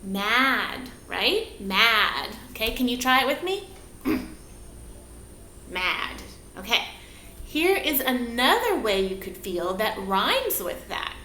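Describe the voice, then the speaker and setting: A woman leads young children through a rhyming dance lesson, asking sing-song questions at a slow, patient pace. Her fairly high voice swoops up and down with lots of life. She sounds a little distant in an echoey room. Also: sing-song, pushed and bright. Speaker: movement teacher. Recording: echoey room, faint background hiss.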